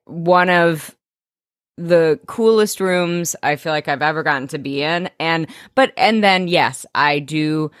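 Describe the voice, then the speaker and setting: A woman's voice: low-pitched, dry recording, clean studio sound. A woman co-hosting a podcast in casual chat, talking with gushing enthusiasm. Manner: enthusiastic, gushing, quick agreement. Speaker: podcast co-host. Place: Chicago.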